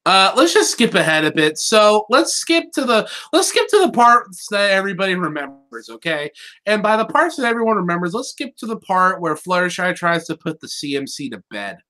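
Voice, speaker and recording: A co-host in a casual review chat, with a bright, sharp tone that swings up and down in pitch. The delivery is teasing and full of wry asides. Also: very animated, a little fast. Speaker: podcast co-host.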